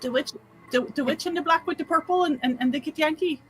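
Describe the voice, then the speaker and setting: High-voiced woman pressing with questions. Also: quick pace, a bit bright, soft background music, rough recording. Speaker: player. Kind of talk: in-character questioning at the game table.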